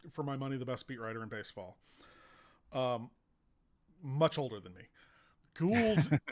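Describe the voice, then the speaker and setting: An American man hosting a podcast, telling relaxed, rambling anecdotes full of fillers. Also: mid-range voice, moderate pace. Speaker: podcast host and baseball writer. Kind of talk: casual storytelling chat.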